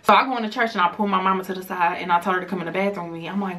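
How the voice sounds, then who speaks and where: A woman vlogger telling a personal story to her viewers in a casual, animated way. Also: on the low side, rapid-fire, hardly any pauses.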